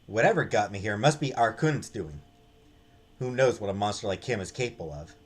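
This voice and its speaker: Game voice: a man doing a stubborn young adventurer, urgent and defiant, husky and animated. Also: on the low side, fairly quick. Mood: determined.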